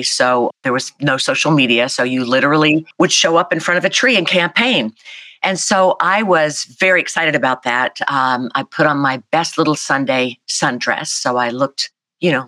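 A woman, telling a personal story as an interview guest in a lively, animated way. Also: rumbling low, no room sound. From South Carolina, US. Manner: animated, vivid storyteller acting out voices. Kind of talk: storytelling in a conversation.

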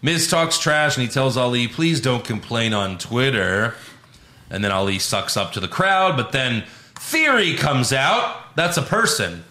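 A man's voice: mid-range voice, very animated, measured pace, bright, forceful tone, echoey room. A man co-hosting a casual podcast, recapping a show with sarcastic jokes. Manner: sarcastic, does mocking voices of people. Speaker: podcast co-host recapping wrestling. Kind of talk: casual chat.

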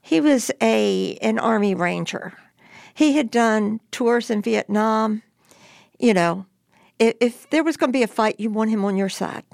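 A woman telling a personal story in an interview, emphatic and animated. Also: on the high side, measured pace, gravelly, dry recording, studio quality. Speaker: storyteller guest.

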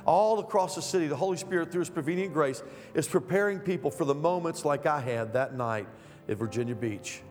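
A man praying fervently at a revival altar, his voice rising and falling between soft and loud. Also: fairly high pitch, a little fast, long reverb tail. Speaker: pastor. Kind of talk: revival prayer.

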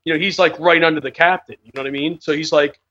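Man, casual storyteller, fairly high voice, profane and rambling, lo-fi sound. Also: steady tone, quick pace, fairly bright tone. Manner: rambling, swearing, laughing storyteller. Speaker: storyteller in group chat. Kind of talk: casual chat.

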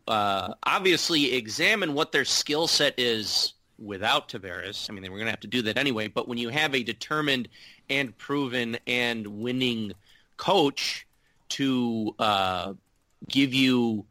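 A man co-hosting a podcast, chatting casually about hockey, rambling and animated, with many restarts and filler words. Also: medium pitch, no echo. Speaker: podcast co-host. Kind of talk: casual sports chat.

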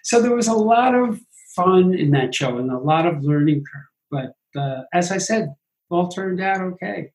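A man, a Broadway producer, telling animated stories in an interview and acting out what others said. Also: high-pitched, moderate pace, reverberant, rough recording. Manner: animated anecdotes, acts out quotes. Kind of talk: interview storytelling.

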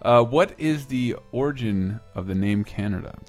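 A man's voice: medium pitch, moderate pace, faint music behind. A man hosting a casual trivia game among friends, playful and telling anecdotes. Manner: animated, playful, storytelling. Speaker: trivia quizmaster.

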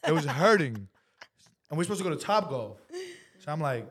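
A man with a lively, swooping voice pitched a bit high, trading brash jokes and slang with friends on a podcast. He swears freely and talks in loose, casual chat. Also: brisk. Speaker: podcast co-host.

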